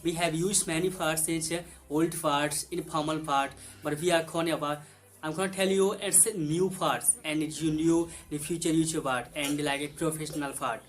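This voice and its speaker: A man's voice: a little high, steady tone, moderate pace. A man teaching English vocabulary, saying each word twice in simple, broken English. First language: Hindi. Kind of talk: vocabulary lesson with repeated words.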